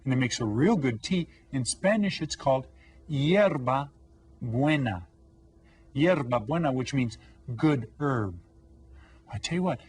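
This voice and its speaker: A man teaching a children's language lesson, slowly modeling words for young learners to repeat. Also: medium pitch, a little mellow, breathy edge. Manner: friendly, slow modeling of words for repetition. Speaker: Spanish teacher.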